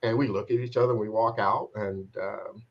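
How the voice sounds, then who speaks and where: A man's voice: on the low side, fairly even intonation. Man, transformation coach, reflective storytelling, repeats words, slightly dull sound. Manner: reflective, halting, repeats words while searching for them. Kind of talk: telling a personal story in an interview.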